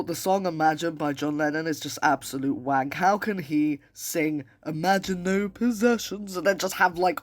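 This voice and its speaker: A man hosting a casual reaction commentary, sarcastic and mocking, often laughing. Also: fairly high pitch. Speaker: commentary video host.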